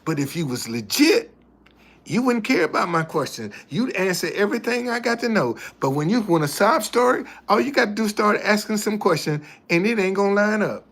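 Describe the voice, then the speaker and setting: A man's voice: high voice, animated, a little fast, a bit bright. A man hosting a casual livestream, speaking in an emphatic, preachy way that keeps repeating its points. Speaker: livestream host.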